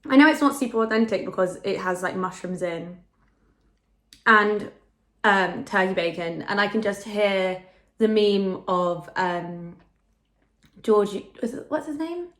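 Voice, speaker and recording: A woman's voice: mid-range voice, a little slow, a bit bright. A young woman in her twenties casually chatting to camera in a food vlog, self-deprecating and full of fillers. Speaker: food vlogger. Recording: echoey home room.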